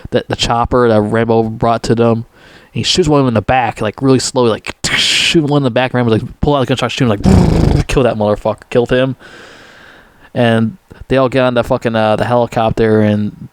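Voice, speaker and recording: A man's voice: medium pitch, steady tone, fairly quick, smooth, no echo. Brief: casual male movie reviewer, profane and rambling, heavy on fillers, dry close sound. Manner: profane, full of fillers and restarts. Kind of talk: casual rambling film recap.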